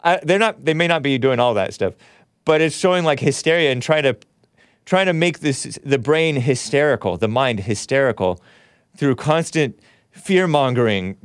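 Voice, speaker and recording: A man's voice: mid-range voice, animated, normal speed, clear, resonant tone, no room sound, clean studio sound. A male talk show host riffing casually, joking asides to viewers and reading out chat comments.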